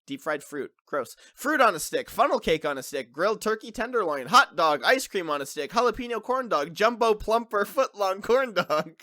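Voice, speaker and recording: A man's voice: sits high, very animated, normal speed, hardly any pauses, bright, forceful tone. A man hosting a podcast in casual chat, reading a list aloud and laughing. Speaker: podcast host.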